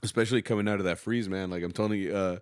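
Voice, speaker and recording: Casting note: man, low voice, dry close mic, relaxed podcast host who directs school music and slips into Spanish. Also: racing, dry recording. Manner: relaxed, rambling, laughs often, mixes in Spanish. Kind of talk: casual podcast chat.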